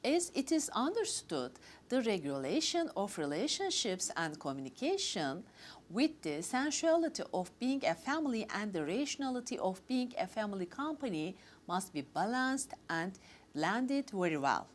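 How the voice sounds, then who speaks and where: A woman hosting a talk, reading prepared formal remarks in a measured, list-like way. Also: mid-range voice, sing-song. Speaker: host.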